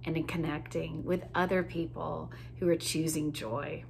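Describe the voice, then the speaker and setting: A woman's voice: deep voice, steady tone, moderate pace, gravelly, a little hiss or hum. A woman coach casually telling a funny story, easygoing, with frequent fillers and laughter. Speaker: joy coach.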